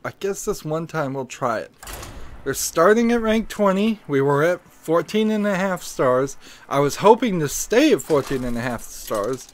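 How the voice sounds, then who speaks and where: A man's voice: on the high side, lively intonation, normal speed. A man streaming a card game who has just woken up and still has his morning voice, rambling hesitantly as he thinks aloud in casual commentary. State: groggy morning voice, just woke up.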